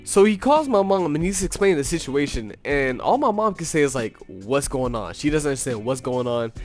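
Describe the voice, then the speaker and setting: A man's voice: fairly high pitch, very animated, brisk, soft background music. A young man casually narrating a personal story in laid-back, slangy talk full of "you know.". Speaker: storytime YouTuber.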